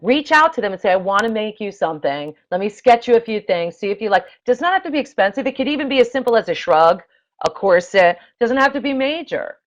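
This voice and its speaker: Woman, show host, casual chat, animated advice, video call. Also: on the high side, fast, muffled recording. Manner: animated, advice-giving, playful.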